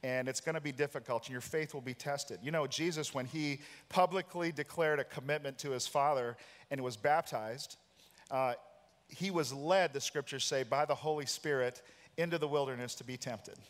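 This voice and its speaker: A pastor in his forties preaching a sermon, telling a personal story with animated, self-deprecating humor. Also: mid-range voice, normal speed. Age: 40s. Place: large church auditorium. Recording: church hall reverb.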